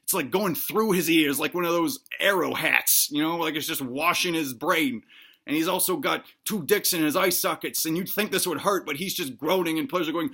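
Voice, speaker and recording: A man rambling through an improvised comic story with a bright, forward tone. His delivery is crude and deadpan, full of restarts and asides. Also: on the high side, normal speed, breathy edge. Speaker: comedic storyteller.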